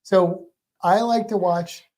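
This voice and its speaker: Mellow-voiced livestream co-host chatting. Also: mid-range voice, steady tone, takes it slowly. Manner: rambling, restarts sentences, enthusiastic about movies. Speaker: teaches a class about sharks. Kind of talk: casual chat.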